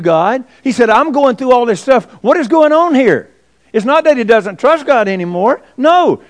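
A man preaching a sermon, firing rhetorical questions and swinging from forceful to hushed. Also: sits high. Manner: emphatic, rhetorical questions, sudden drops to quiet.

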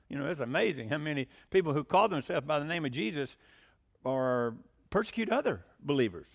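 A middle-aged man preaches a sermon. He shifts from loud, emphatic proclamations to quiet, conversational asides and keeps asking his congregation questions. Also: on the high side, sing-song, fairly quick, gravelly.

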